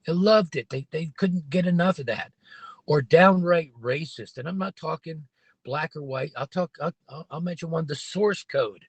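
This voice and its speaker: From his parked car, a man hosts a casual livestream, rambling and opinionated with many restarts. His voice is fairly high and husky, moving at a moderate pace in a dry recording.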